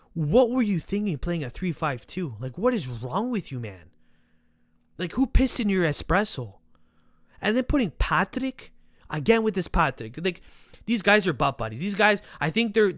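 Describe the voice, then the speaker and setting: A man hosting a football podcast, ranting sarcastically and swearing as he talks to the players directly, his voice worn from yelling. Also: a little high, dry recording, clean studio sound. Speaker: podcast host. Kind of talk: casual football rant.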